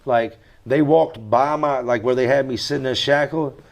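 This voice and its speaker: A man speaking as a guest on a podcast, with a voice of ordinary middle pitch. He tells his story candidly and forcefully, repeats his key phrases for weight and swears freely. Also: steady tone, normal speed.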